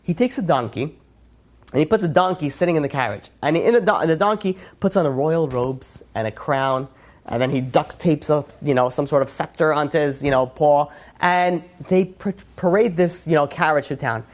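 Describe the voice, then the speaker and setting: A man's voice: fairly high pitch, normal speed. A man, a rabbi, teaching a religious class in an emphatic way with rhetorical questions and frequent restarts. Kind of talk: religious lecture.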